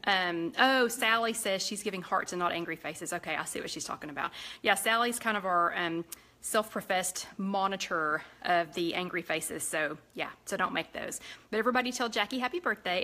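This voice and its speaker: A woman's voice: mid-range voice, pushed and bright. Chatty Southern woman hosting a cooking stream. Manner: chatty and rambling, talks while cooking. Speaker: cooking show host. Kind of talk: casual live-stream chat. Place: home kitchen.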